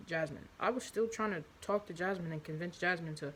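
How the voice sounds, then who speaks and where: A woman's voice: lowish voice, steady tone, fast, hardly any pauses, a little hiss or hum, rough recording. A young woman telling a candid confessional story in her vlog, rambling and blunt with many fillers. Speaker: vlogger.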